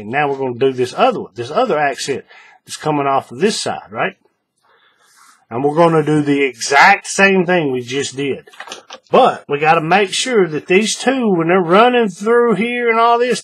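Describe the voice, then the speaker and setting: A man with a husky, slightly high voice explains a craft project step by step in a loose, casual way. He repeats himself often and keeps checking that the viewer is following along. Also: a bit bright. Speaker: crafting tutorial host.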